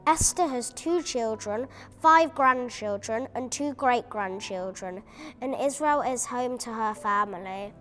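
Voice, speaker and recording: A woman reading a prepared account aloud at a memorial event, measured and earnest. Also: fairly high pitch, a bit bright, soft background music.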